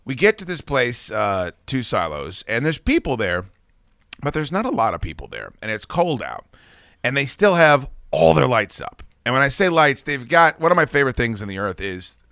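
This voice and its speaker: A man hosting a podcast, telling rambling, profane anecdotes in a casual, animated way. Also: mid-range voice, normal speed, gravelly, dry recording, clean studio sound. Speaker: podcast host. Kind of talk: casual storytelling chat.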